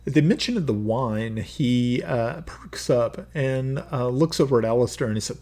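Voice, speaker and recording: A man narrating a tabletop game as game master, halting with many fillers. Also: medium pitch, animated, mellow.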